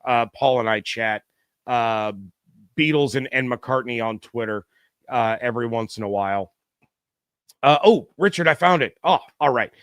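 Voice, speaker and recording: A middle-aged man hosts a loose, chatty sports stream, working through viewer comments with plenty of "um"s and "uh"s. His voice sits at an ordinary middle pitch. The sound is dry and close, with no room in it. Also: normal speed, fairly bright tone, no echo. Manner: chatty, reads viewer comments aloud with frequent fillers. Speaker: podcast host. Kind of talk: casual live-stream sports talk.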